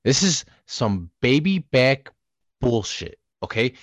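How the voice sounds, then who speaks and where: Profane, animated man ranting about sports. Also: medium pitch, slow pace, dry recording. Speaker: podcast co-host. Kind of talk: heated sports debate.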